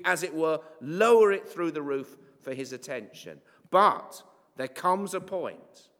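A man's voice: sits high, a bit bright. A man preaching a sermon in a conversational, wry way, with asides and fillers. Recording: long hall reverb.

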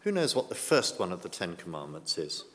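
Male preacher, animated delivery, chatty, quizzes the congregation, church echo. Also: low-pitched, a little fast. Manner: conversational, asks the congregation questions. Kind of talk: sermon.

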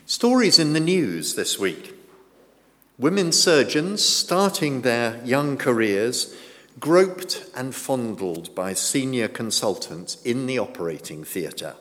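A man preaching a sermon, slow and deliberate, with his pitch swinging widely for emphasis. His voice rings through the long reverb of a large church. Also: a bit bright. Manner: measured, emphatic, building lists.

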